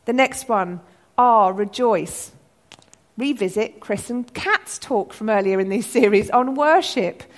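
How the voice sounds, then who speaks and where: A woman giving an earnest, animated sermon talk to her church. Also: medium pitch. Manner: earnest, animated, acts out shouted quotes. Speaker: church speaker.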